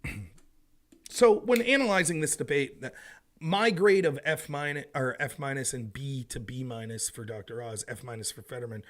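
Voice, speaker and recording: A man's voice: mid-range voice, moderate pace, fairly bright tone. A man hosting a casual livestream of political commentary from home, talking in an emphatic, conversational way.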